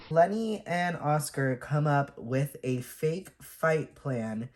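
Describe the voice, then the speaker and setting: Brief: chatty young woman vlogger with a low voice, giggly, playful, acts out quotes while recapping. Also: sing-song, drawn-out words, very noisy. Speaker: movie reviewer and vlogger. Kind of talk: casual chat.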